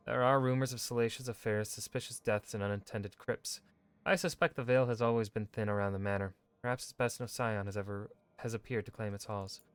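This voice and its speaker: Streamer guy reading game codex entries out loud, calm steady pace, clean dry sound. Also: mid-range voice, clean tone, no echo. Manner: measured, steady reading with brief asides. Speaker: gaming streamer. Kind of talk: reading in-game lore texts aloud.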